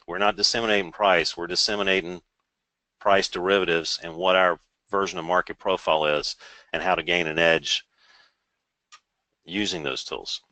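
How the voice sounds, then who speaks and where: Low-voiced man pitching a trading tool. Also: pushed and bright, no room sound, poor audio. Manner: informal, salesy explainer with dry sarcastic asides. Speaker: trading webinar presenter. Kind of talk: live webinar presentation.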